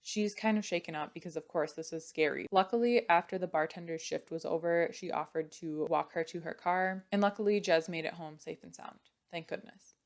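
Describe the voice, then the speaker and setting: A woman's voice: on the low side, a little fast, few pauses. A young woman casually retelling a true crime story, chatty and full of "like" and "you know".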